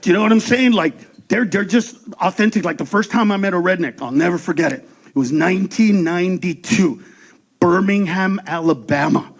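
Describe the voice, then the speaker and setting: High-pitched man ranting on stage. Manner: profane, rapid rants with shouted punchlines and acted-out voices. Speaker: stand-up comedian. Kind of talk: stand-up comedy set.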